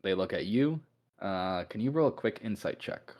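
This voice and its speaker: A man as game master, setting scenes in a steady, matter-of-fact way. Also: on the low side, normal speed. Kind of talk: narrating a tabletop game.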